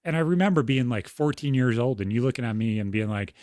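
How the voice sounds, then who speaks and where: Young man, podcast co-host, blunt and profane storyteller, dry close mic, mid pitch. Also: lively intonation, quick pace, a little mellow, no echo. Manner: frank, heavy swearing, storytelling. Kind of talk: casual podcast conversation.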